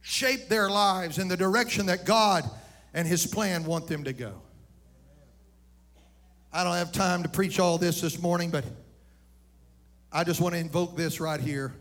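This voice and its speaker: A man preaching a lively sermon, calling out to the congregation and shouting at his peaks. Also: high-pitched, unhurried, long pauses. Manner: animated, addresses congregation directly, shouts at peaks. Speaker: pastor.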